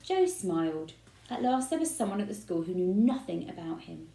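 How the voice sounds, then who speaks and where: A woman reading a children's book aloud with expressive storytelling. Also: lowish voice, moderate pace, gravelly. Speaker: reader. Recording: roomy echo.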